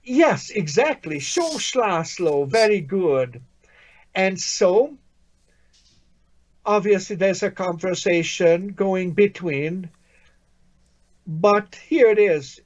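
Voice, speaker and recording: A man's voice: high-pitched, animated, takes it slowly, long pauses, dull audio. A man teaching a language lesson online, patient and encouraging, praising his student often.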